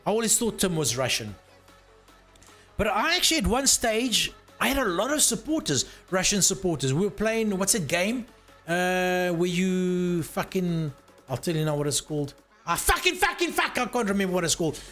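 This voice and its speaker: A man talks to his stream in a high, bouncy voice that swoops up and down. He teases and swears as he tinkers with gear. Soft music plays quietly behind him. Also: expressive, normal speed. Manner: loose, swearing, teasing chatter while tinkering with hardware. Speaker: live streamer. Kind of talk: casual live-stream chat.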